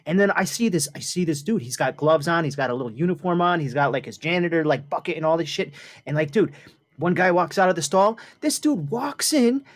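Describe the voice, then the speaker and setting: A man casually telling a crude story in a rambling, profane, animated way as a podcast co-host. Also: a little high, brisk.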